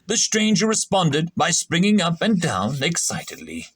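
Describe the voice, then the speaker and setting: An animated man narrating a story. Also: a little high, moderate pace, husky. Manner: animated, expressive reading.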